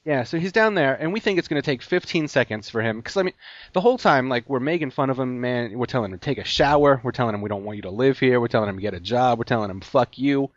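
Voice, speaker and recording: A man's voice: mid-range voice, fast talker, dry recording. A man telling a long story in casual chat, rambling with lots of "like" fillers. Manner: rambling, heavy use of "like". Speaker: podcast co-host telling a story. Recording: dull lo-fi sound.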